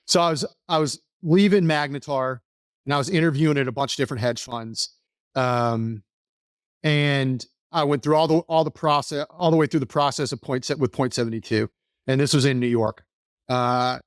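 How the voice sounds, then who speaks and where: A man's voice: medium pitch, smooth, no room sound, studio quality. A man from Texas, a podcast guest, telling a personal story in an earnest, rambling way, often restarting sentences. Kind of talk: casual storytelling interview.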